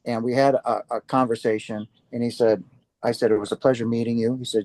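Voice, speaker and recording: A man with a mellow, warm voice tells his story as an interview guest, animating the back-and-forth and stumbling into quick restarts. The sound is close and dry, with no room around it. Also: medium pitch, no echo. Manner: animated, acts out quoted dialogue with restarts. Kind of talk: casual storytelling.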